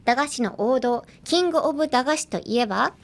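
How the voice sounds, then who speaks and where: A woman's voice: high voice, expressive, very fast, pitched above the performer's own voice. A woman voicing a haughty, confident young woman who declares a challenge in a proud manner. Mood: challenging.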